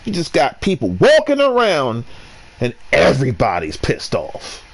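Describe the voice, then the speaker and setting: A man ranting while commentating his gameplay, restarting sentences and swinging between loud outbursts and low muttering. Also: huge pitch swings, measured pace. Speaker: gamer.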